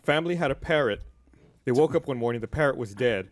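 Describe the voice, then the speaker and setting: A man in casual podcast chat, cracking jokes and cutting in quickly. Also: medium pitch, expressive. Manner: joking, quick interjections. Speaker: podcast co-host.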